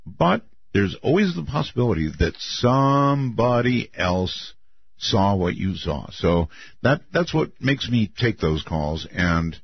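Older man, late-night radio host, husky low voice, swings up and down in pitch, muffled dry broadcast sound. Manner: musing, drawn-out, lively pitch swings. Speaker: radio talk show host.

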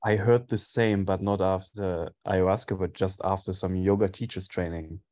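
A man in a casual group discussion, speaking in a measured way with halting repeats. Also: deep voice, steady tone, a little mellow. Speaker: seminar participant.

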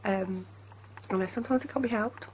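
A woman's voice: mid-range voice, fairly quick, darkish tone, slight background noise. A young woman in casual vlog chat at home, chatty and apologetic, laughing often, speaking through a headache. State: has a headache. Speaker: family vlogger. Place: home, indoors.

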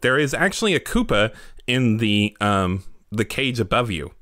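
A man's voice: medium pitch, very animated, normal speed, a bit bright, dry recording, clean studio sound. A man narrating as game master in a tabletop role-play, with many fillers and restarts. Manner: hesitant, filler-heavy narration.

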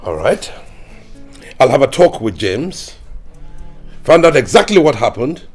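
An actor playing a middle-aged doctor who speaks formally and calmly. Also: male voice, mid-range voice, slightly rough, faint music behind. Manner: formal, measured. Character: composed middle-aged doctor denying accusations.

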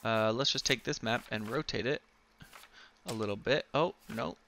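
A man giving excited, giggly let's play commentary while thinking aloud through a puzzle game. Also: medium pitch, normal speed, gravelly, slight background noise. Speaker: gamer playing a video game.

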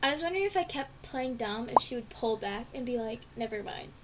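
A woman streamer giving casual let's-play commentary at her home computer, excitable, with gasping and squealing reactions. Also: a little high, fairly quick, very noisy. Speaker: gaming streamer. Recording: keyboard clicks in background. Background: typing on a keyboard.

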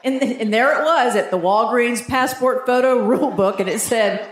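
A woman's voice: fairly high pitch, moderate pace. Southern woman doing stand-up in a theater. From Georgia, US. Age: 50s. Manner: animated storytelling, self-mocking. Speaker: stand-up comedian. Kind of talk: stand-up comedy. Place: theater stage before a live audience. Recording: echoey theater with audience noise.

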